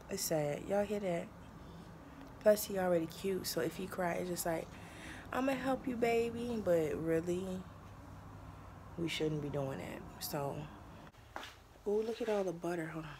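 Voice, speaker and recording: A woman's voice: fairly low pitch, a little slow, pauses often, background noise. A woman vlogging casually from her home kitchen, chatting to her pets and viewers as she cooks. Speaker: lifestyle vlogger. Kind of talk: casual chat.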